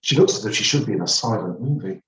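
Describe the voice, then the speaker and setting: Brief: male author reading his book, low voice with lively pitch, wry and theatrical, roomy sound. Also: fast talker. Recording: roomy, distant mic.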